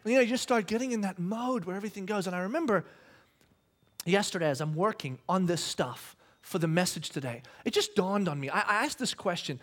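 A man in his thirties preaching a sermon, telling stories in a lively, conversational way and acting out the dialogue. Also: high-pitched, fairly quick. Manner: animated storytelling, acting out quoted dialogue; conversational with many restarts. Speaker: pastor.

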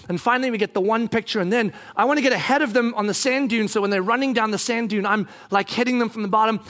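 High, bright, animated preacher man. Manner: animated, acts out scenes, bursts into shouting. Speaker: pastor. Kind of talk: sermon storytelling.

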